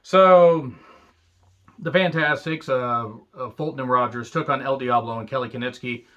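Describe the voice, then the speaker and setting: Man, from the United States, casual review monologue, blunt and profane, sarcastic asides, bright forceful tone. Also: medium pitch, fairly even intonation, normal speed, muffled recording. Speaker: wrestling show reviewer.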